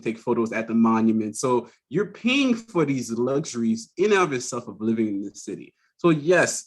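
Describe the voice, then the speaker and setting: A man hosting a podcast in casual chat, telling animated stories, laughing often mid-sentence and acting out other people's voices. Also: mid-range voice. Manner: animated storyteller who acts out quoted voices. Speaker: podcast host.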